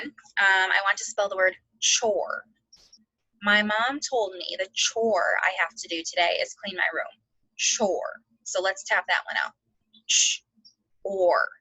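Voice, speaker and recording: Bright-voiced woman teaching phonics. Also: mid-range voice, no echo, poor audio. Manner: slow, sounding out letters, encouraging. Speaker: second grade teacher. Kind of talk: online phonics lesson.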